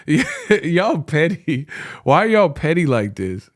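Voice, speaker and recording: Slow-talking young male boxing vlogger. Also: on the high side, big pitch swings. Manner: laughing, slangy, calls listeners bro and y'all. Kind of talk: casual commentary.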